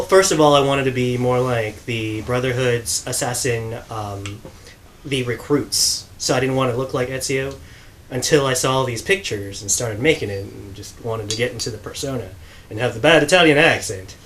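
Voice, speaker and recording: A young man appearing as a guest in costume, talking in an easygoing, halting way and laughing often. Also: mid-range voice, fairly bright tone, low-quality recording. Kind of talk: casual chat. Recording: faint background noise.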